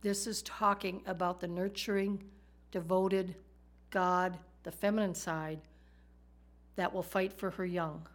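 A woman's voice: on the low side, flat delivery, measured pace. A woman teaching a sermon in a conversational way, asking her listeners rhetorical questions. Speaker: Bible teacher.

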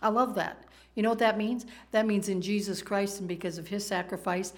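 Her pitch is medium and her intonation fairly even as she speaks a little fast. She's preaching a sermon casually, regularly asking the people listening questions.

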